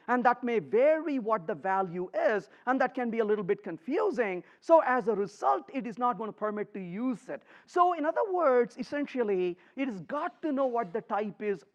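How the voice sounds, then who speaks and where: A man giving a live coding talk to a conference audience, emphatic and lively, joking with the crowd. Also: very high-pitched. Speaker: conference speaker. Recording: slightly muffled conference recording.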